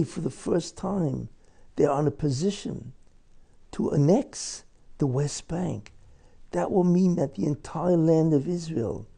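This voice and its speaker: An older man, a rabbi, giving an impassioned religious lecture full of rhetorical questions, swinging between loud outbursts and hushed asides. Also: a little high, creaky, husky.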